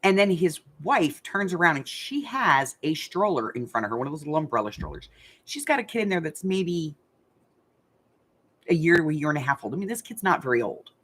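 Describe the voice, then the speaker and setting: An older woman who hosts a craft channel chats casually, telling a story with lots of fillers and animated retelling. Her voice sits low with a breathy edge, and she speaks a little fast.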